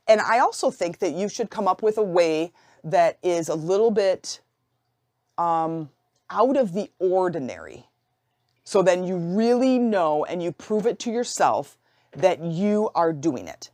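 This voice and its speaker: A woman's voice: fairly low pitch, lively intonation, unhurried, darkish tone, no room sound, clean studio sound. A woman hosting her own podcast, coaching listeners in a casual, playful way and acting out quoted inner voices. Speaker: podcast host and life coach. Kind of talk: casual solo podcast teaching. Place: home office.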